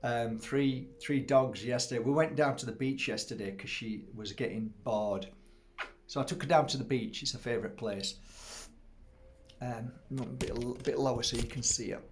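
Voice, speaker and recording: A man's voice: mid-range voice, normal speed, a little hiss or hum. A middle-aged man chatting casually to camera as host, rambling, laughing often and breaking off to fuss over his dog.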